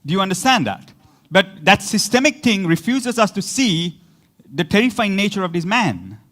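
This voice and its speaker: A man's voice: high-pitched, sing-song, normal speed, sharp tone. Chatty man preaching a sermon. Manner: conversational, laughs often, acts out quotes. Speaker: pastor.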